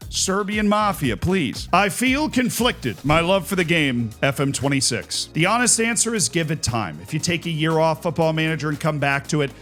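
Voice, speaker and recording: A man's voice: fairly high pitch, animated, moderate pace, few pauses, fairly bright tone, soft background music. A man giving casual, jokey commentary on video game memes, sarcastic and full of mock outrage. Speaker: gaming YouTuber reacting to memes.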